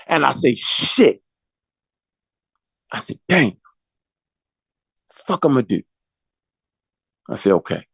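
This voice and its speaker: A man's voice: medium pitch, big pitch swings, slow pace, vocal fry, long pauses, a bit bright, breathy edge, no room sound. A man telling a long story in a profane, slangy way, acting out the quotes as he goes. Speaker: podcast talker. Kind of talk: animated storytelling monologue.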